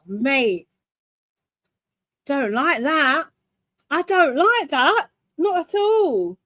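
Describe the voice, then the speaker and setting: High-voiced woman hosting live. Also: no room sound. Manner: animated, quick to exclaim, laughs often. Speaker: host of a live show debrief. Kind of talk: casual live reaction chat.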